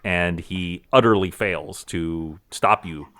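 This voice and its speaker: A man's voice: low-pitched, slow pace, fairly bright tone, no echo. A man narrating a tabletop game as game master, with many fillers.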